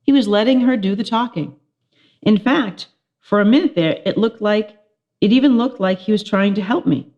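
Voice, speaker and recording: A woman's voice: medium pitch, normal speed, dull audio. Woman reading a children's chapter book aloud. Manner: expressive storytelling with character voices.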